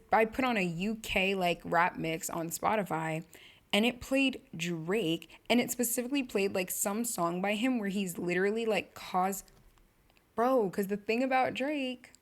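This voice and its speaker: A young woman talks on her own podcast in a loose, rambling way. She keeps cutting herself off mid-thought and mixes in slang, with a mid-range voice that often jumps up when she gets excited. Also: medium pitch. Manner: rambling, self-interrupting, slangy and animated. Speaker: podcast host. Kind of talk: casual solo podcast chat.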